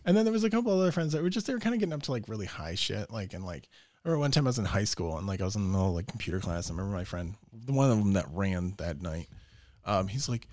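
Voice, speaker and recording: Man, podcast guest, swearing storyteller, lively swooping pitch, dry close sound. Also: fast talker, no echo. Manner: profane, laughs often, acts out quotes. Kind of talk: animated storytelling.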